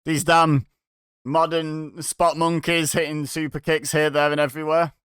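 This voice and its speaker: A man's voice: a little high, flat delivery, normal speed, a bit bright, smooth, no echo, clean studio sound. A man hosting a watch-along, giving casual, sarcastic reaction commentary and chuckling to himself.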